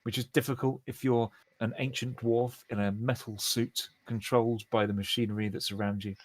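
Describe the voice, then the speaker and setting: A man in his twenties or thirties, running a tabletop game online as dungeon master, talking in a relaxed, chatty way with many fillers. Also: mid-range voice, normal speed, dry recording.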